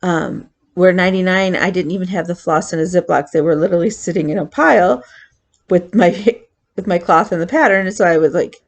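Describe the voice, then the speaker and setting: A woman's voice: lowish voice, fairly quick. A woman chatting casually on her cross-stitch vlog, rambling with fillers as she tells a story.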